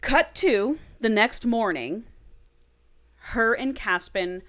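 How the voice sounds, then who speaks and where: A woman's voice: a little high, lively intonation, slow pace, fairly bright tone. A woman casually retelling a book's plot on a podcast, swearing freely and acting out the characters' lines. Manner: chatty, swears freely, acts out dialogue. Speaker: podcast co-host.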